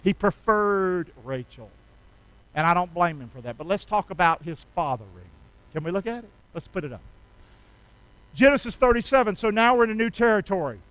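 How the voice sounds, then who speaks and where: A middle-aged man preaching a sermon, calling on the congregation to repeat lines with him and rising loud on key phrases. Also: high voice, lively intonation, a little fast, smooth, no room sound, low-quality recording. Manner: call-and-response preaching, asks congregation to repeat. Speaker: pastor.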